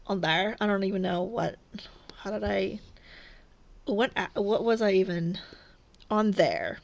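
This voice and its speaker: A woman's voice: mid-range voice, a little slow, vocal fry, a little mellow. A woman vlogging casually as she cross-stitches, rambling and chatty, often laughing at herself. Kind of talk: casual stitch-along chat.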